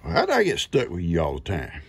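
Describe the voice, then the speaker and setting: An older man, a grandfather teasing his grandchild in a folksy, unhurried way while outdoors on a farm. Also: low voice, huge pitch swings, creaky. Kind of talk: casual chat with a grandchild. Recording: noisy outdoor recording with vehicle sounds.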